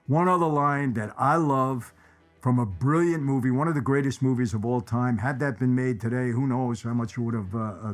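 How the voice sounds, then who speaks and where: A man hosting his own channel, chatting casually about favorite movie lines in a rambling way, repeating phrases for emphasis. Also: medium pitch. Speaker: channel host. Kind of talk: casual movie commentary to viewers.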